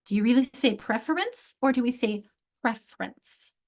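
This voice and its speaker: A literacy instructor with a fairly high, expressive and slightly mellow voice lectures teachers on spelling and word structure at a moderate pace. Her explanations are conversational; she draws out example words to show their sounds and asks "isn't it?" to check in.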